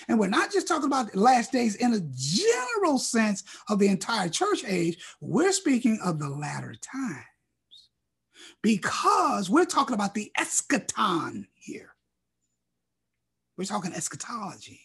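A man preaching a sermon, reading scripture and swinging from loud declarations down to hushed near-whispers. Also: high-pitched, big pitch swings, normal speed, creaky, slightly rough.

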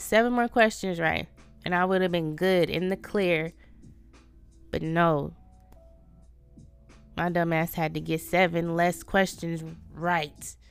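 A woman's voice: on the low side, clear, resonant tone. A woman hosting her own podcast, venting in a casual, profane, self-deprecating way. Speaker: podcast host. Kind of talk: casual solo podcast monologue.

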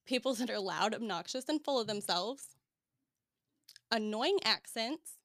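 A woman's voice: a little high, expressive, a little slow, a bit bright, no echo, clean studio sound. A woman hosting a podcast in casual chat, laughing often as she talks. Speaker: podcast host.

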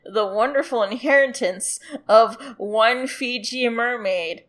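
Brief: slow-paced, fairly high woman co-host, giggly casual storyteller, swears freely. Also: a bit bright. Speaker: podcast co-host.

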